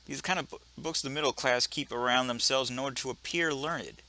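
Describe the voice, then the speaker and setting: A man voicing a sardonic gentleman cat burglar in a put-on British accent, deadpan and wry, for a video game. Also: mid-range voice, fast talker. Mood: dry. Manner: dry, deadpan, wry asides. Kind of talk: video game voice-over reading.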